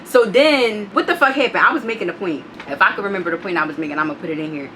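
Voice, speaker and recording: A woman's voice: mid-range voice, animated, quick pace, bright, forceful tone, a little hiss or hum. A young woman telling a story in casual vlog style, blunt and profane, acting out the other people's lines as she quotes them.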